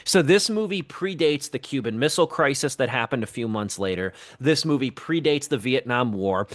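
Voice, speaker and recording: A man musing on a podcast, thoughtful and wandering from point to point. His voice sits at a middle pitch, recorded close with no room sound at all. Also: animated, normal speed, no echo. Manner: reflective and meandering. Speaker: podcast co-host. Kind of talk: casual film review chat.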